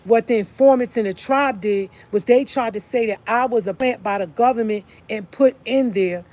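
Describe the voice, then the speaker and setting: A woman's voice: fairly high pitch, normal speed, a little mellow. A woman speaking in a casual monologue to viewers. She keeps stressing her points, often asking "okay?" and repeating "like I said.". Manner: emphatic, repeats "okay?" and "like I said" to listeners. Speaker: online video speaker.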